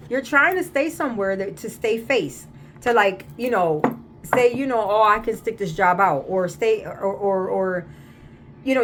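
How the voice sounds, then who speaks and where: A woman's voice: a little high, slight background noise. A woman giving a casual tarot reading to camera, talking in a repetitive, emphatic way with spiritual reassurance, her throat a little irritated. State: slightly irritated throat, coughing at times. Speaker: tarot reader.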